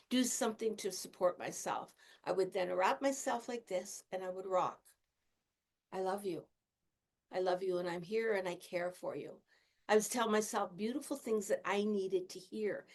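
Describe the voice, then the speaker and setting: A woman healer and teacher giving a casual spiritual talk, speaking candidly about her own experience and laughing softly now and then. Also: medium pitch. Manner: candid, self-disclosing, chatty with soft laughs.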